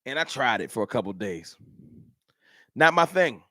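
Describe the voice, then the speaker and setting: Animated man chatting on a livestream. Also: mid-range voice, normal speed, dry recording, studio quality. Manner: animated, talks straight to chat viewers. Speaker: livestream host. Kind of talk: casual livestream chat. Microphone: camera mic.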